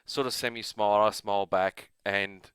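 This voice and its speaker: A man's voice: on the low side, steady tone, normal speed, fairly bright tone, clean tone, dry recording. A man with an Australian accent, host of a gaming channel, telling a long rambling story in a casual, self-amused way.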